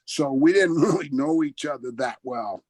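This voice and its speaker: An older man, a former wrestler, telling a story in an interview in an animated, anecdotal way, acting out the voices of the people he quotes and chuckling often. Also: fairly high pitch, normal speed, no echo, poor audio. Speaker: retired wrestler guest.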